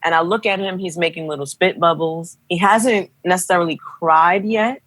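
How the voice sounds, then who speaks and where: A young woman telling her birth story as a podcast guest, animated and acting out what people said. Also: fairly low pitch, normal speed, dry recording, rough recording. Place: podcast studio.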